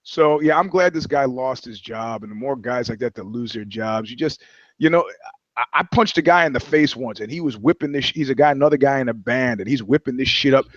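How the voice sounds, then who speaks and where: A man's voice: mid-range voice, a little fast, dry recording, muffled recording. A man talking as a podcast guest, telling loose, profane anecdotes in casual chat. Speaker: guest, touring musician.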